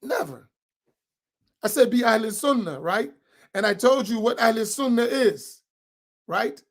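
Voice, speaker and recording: An imam with a very high-pitched voice speaks unhurriedly in an informal religious class. He keeps the tone conversational, often checks with his listeners and repeats key points to drive them home.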